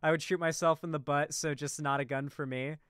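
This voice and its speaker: A man rambles through a casual reaction stream, doubling back on his words and tossing in asides. His voice sits a little high and comes across smooth and resonant. The sound is close and dry, with no room around it. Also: steady tone, fairly quick, a bit bright, dry recording. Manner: rambling, with frequent restarts and asides.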